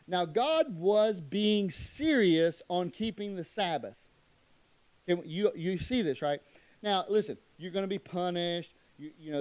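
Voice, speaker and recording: A middle-aged man preaching a church sermon, emphatic, moving between loud declarations and quiet asides. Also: fairly high pitch, dry recording. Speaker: pastor.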